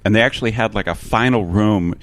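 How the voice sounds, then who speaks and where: A man's voice: lowish voice, a little fast, no room sound. A man co-hosting a podcast, chatting in an easygoing, agreeable way with frequent restarts. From expat living in Bangkok. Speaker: podcast co-host. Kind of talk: casual chat.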